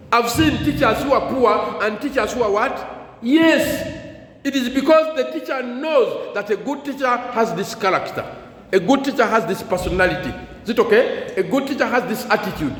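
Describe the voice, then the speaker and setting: A man's voice: extremely high pitch, expressive, normal speed, fairly bright tone, a little hiss or hum. Man quizzing students in an echoey hall. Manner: call-and-response, leaves blanks for the class to fill. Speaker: career guidance speaker. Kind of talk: addressing students at a school. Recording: echoey hall, faint ambience.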